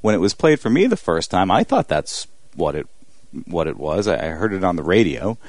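A man with a deep, calming tone, telling a story in casual podcast chat. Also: a little fast, no room sound.

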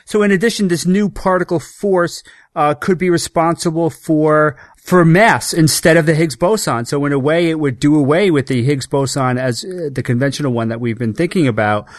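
A man's voice: a little high, moderate pace, no room sound, studio quality. A man on a talk show eagerly explaining a physics story, with many fillers and restarts. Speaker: show regular. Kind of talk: casual chat.

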